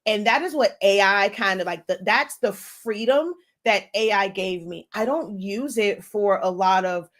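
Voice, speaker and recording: A woman in her thirties, an online design instructor, giving a casual, chatty lesson, talking fast with laughs between phrases. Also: mid-range voice. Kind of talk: casual teaching talk.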